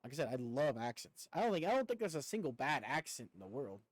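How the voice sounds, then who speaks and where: A young man streams a game and chats casually with viewers, rambling and occasionally swearing, with a slight rural Southern twang. His mid-range voice is very animated and fast, recorded with no room sound and low quality.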